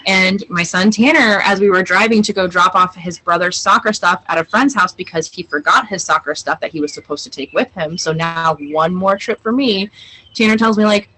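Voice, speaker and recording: A woman in her thirties, a guest on a video-call interview, telling animated stories about her family. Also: on the low side, moderate pace, low-quality recording. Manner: animated storyteller, acts out family dialogue. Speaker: guest, client. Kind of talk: casual interview chat.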